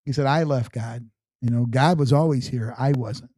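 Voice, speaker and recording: A middle-aged man, a guest on an interview show, tells a personal story with halting restarts and frequent fillers. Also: medium pitch, dark tone, no room sound. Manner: halting, repeats words, many "you know"s.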